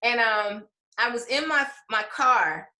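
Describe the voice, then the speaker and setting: A woman's voice: fairly high pitch, lively intonation, slow pace, pushed and bright, roomy sound, rough recording. A woman author and English professor telling her publishing story in an interview, emotional and laughing often, with frequent fillers. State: tearful at times.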